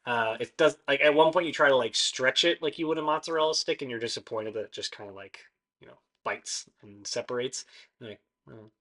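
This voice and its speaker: Rich A man narrating a tabletop game as game master, loose and chatty. His voice is bright and forward, pitched in a middle range. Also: a little fast.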